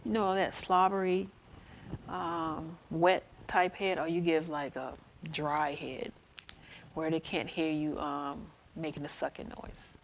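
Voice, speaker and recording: Frank chatty woman with gravelly voice. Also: low voice, little pitch movement, slow, a little hiss or hum. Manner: frank, chatty, answers chat questions aloud. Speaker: host. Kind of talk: casual live-stream chat.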